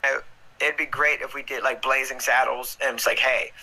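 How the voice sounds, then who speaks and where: A man's voice: mid-range voice, little pitch movement, fairly quick, bright, forceful tone, rough recording. A man hosting a casual livestream, joking around crudely and swearing freely. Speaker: livestream host. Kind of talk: casual chat.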